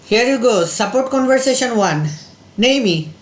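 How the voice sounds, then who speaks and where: A man hosting a let's play, calmly thinking aloud while he plays a strategy game. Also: extremely high pitch, normal speed, reverberant. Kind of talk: game commentary.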